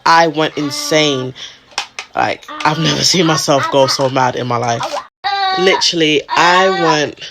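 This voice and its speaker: Low-voiced woman telling her own story. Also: measured pace, heavy background noise. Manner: emotional, candid, drifts between hushed and raised. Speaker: vlogger. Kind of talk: personal storytelling to camera.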